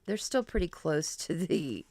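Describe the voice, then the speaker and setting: Here the Ohio crafter, a middle-aged woman, talks in a low, animated, unhurried voice with a darkish tone and no room sound. She rambles with fillers during her casual livestream chat as she crafts.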